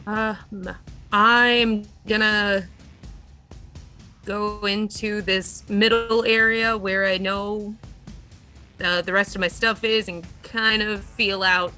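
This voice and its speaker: A woman with a bright, sharp voice chats casually as a player in an online tabletop game. She sounds tentative and hesitant while she decides her moves. Faint music sits behind her. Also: medium pitch, level tone, takes it slowly.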